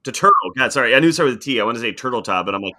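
A man's voice: medium pitch, animated, racing, sharp tone. A man co-hosting a casual podcast about movies, joking and laughing easily as he hunts for names. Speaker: podcast co-host.

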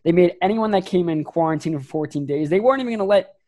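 A man's voice: high-pitched, animated, a little mellow. Ranting man on a sports podcast. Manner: emphatic, ranting, rapid restarts. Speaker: podcast co-host. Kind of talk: heated sports podcast rant.

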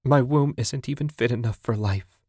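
A man's voice: moderate pace, darkish tone, slightly rough, no room sound, clean studio sound, lightly acted. A man voicing a grieving young wife who screams and screeches in despair. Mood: anguished. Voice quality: shrill and screeching.

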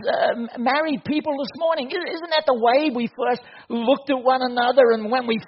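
A man preaching a sermon as pastor, joking and building to excited shouts. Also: very high-pitched, moderate pace, hardly any pauses, husky, muffled recording.

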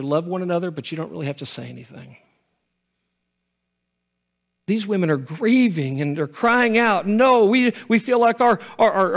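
A man's voice: high-pitched, gravelly. A man preaching a sermon as pastor, earnest, often stumbling over and repeating his words.

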